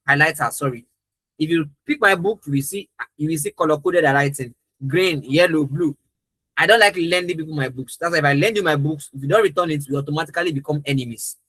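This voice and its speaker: Leading a live training session, a young man speaks briskly in a somewhat high, bright, forceful voice, pressing his points earnestly and emphatically. The low-quality recording sounds dry and close, with no echo.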